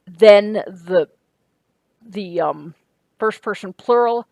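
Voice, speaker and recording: A woman teaches grammar in a recorded lecture, her voice at an ordinary middle pitch. She walks through each point patiently, checks in with a quick "right?" and fixes her own slips as she goes. The sound is dry and close, with no room around it. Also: a little mellow, no room sound. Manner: explanatory, with self-corrections and frequent "right?".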